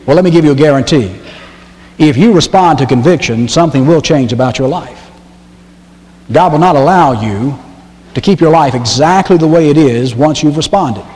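Emphatic preacher in a reverberant church. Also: male voice, fairly high pitch, a little mellow. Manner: emphatic, repeats key phrases, reads scripture aloud. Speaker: pastor. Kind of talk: sermon. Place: church sanctuary. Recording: long hall reverb.

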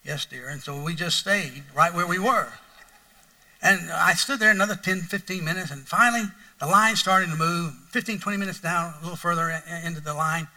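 A man's voice: fairly high pitch, brisk, sharp tone, distant mic, rough recording. A middle-aged man preaching a sermon as pastor, telling a folksy story with lots of repetition and bursts of mock outrage.

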